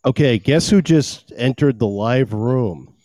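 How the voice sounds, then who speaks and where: A man hosting a podcast in casual chat, an animated storyteller who laughs often. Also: mid-range voice, unhurried, no room sound. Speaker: podcast host.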